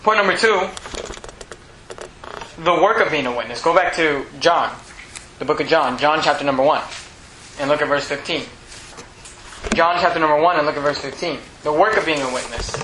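High, bright-voiced preaching man. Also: slight background noise. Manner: emphatic, repetitive preaching. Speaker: pastor. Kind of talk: sermon. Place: church sanctuary. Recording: echoey room.

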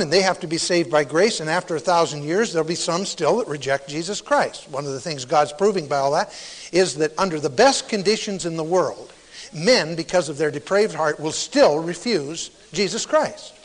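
A man preaching a sermon to a congregation, emphatic, with sudden quiet, near-whispered asides for stress. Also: fairly high pitch, animated, normal speed, long reverb tail, low-quality recording.

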